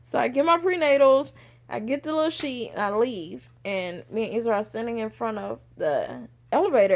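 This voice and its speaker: A young adult woman telling a personal story in a casual vlog, animated and acting out what others said. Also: on the high side. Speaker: vlogger.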